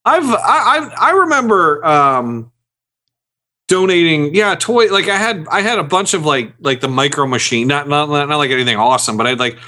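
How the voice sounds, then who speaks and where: Male co-host, bright and animated, halting casual chat. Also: mid-range voice. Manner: halting, lots of restarts and laughs. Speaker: podcast co-host.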